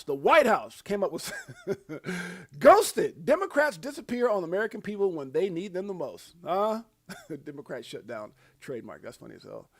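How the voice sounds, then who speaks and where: A man's voice: on the high side, a bit bright. A middle-aged man hosting a casual crypto livestream, laid-back and chuckling, punctuating points with "facts" and "huh?".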